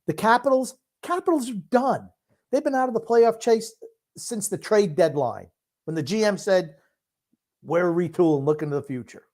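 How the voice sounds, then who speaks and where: Opinionated male podcast co-host, somewhat high-pitched, blunt and argumentative in casual chat. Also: normal speed, darkish tone.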